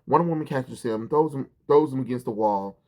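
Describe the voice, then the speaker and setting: A man's voice: medium pitch, fairly quick, darkish tone. A man recapping a comic book in a casual vlog, rambling, swearing and full of ums and restarts.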